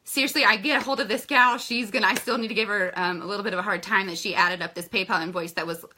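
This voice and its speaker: A woman's voice: medium pitch, steady tone, fast, pushed and bright, a little hiss or hum. A woman in her thirties telling her personal story on a livestream, earnest and emotional, calling her viewers "you guys" and at times fighting tears. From Colorado, United States. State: tearful at times. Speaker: makeup seller sharing her story.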